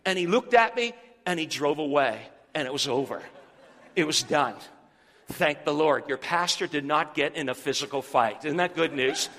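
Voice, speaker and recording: Male pastor, high and bright, animated sermon delivery in a reverberant church. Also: normal speed. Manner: animated storytelling, scripture reading, rhetorical questions to the congregation. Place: church sanctuary.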